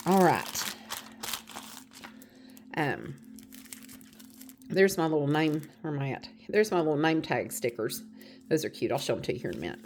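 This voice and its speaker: Low-pitched middle-aged woman, rambling casual vlogger into a phone camera. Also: darkish tone. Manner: chatty, rambling with fillers. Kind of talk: casual show-and-tell chat.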